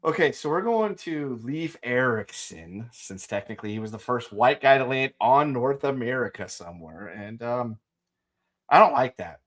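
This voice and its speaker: A man's voice: mid-range voice, lively intonation, normal speed, fairly bright tone. A man co-hosting a pop culture chat show, joking and rambling and swearing casually. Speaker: podcast co-host.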